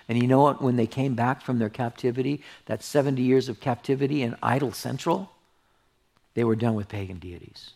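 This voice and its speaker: Gravelly-voiced man preaching verse by verse. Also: mid-range voice, brisk. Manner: earnest, drops to a hushed whisper for tender asides; reads scripture aloud then comments conversationally. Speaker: pastor. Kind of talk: expository Bible teaching sermon.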